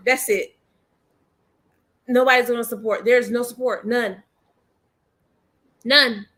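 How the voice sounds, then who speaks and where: A woman's voice: a little high, bright, forceful tone. A woman hosting her own commentary channel, ranting bluntly and emphatically in casual slang and repeating her points.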